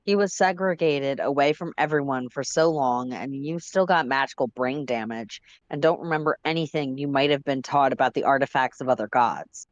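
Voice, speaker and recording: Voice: mid-range voice, normal speed, hardly any pauses, no echo, dull audio. Chatty livestream story reader, dry sound. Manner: reads in second person, breaks off to laugh and swear. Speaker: livestream co-host reading a fan story. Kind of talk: casual read-aloud narration with chatty asides.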